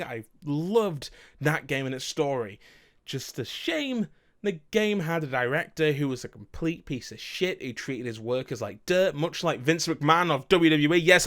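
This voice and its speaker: A man's voice: fairly high pitch, a bit bright. A young man chatting casually about his favourite video games, rambling, correcting himself and swearing now and then. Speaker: video game streamer.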